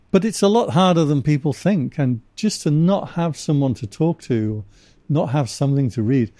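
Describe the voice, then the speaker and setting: Monk guest from England, man, wry anecdotal talker, mellow and dry. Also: a little high, normal speed, dry recording. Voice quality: dry humor, animated anecdotes with laughs. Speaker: podcast guest, ordained monk. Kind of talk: casual storytelling conversation.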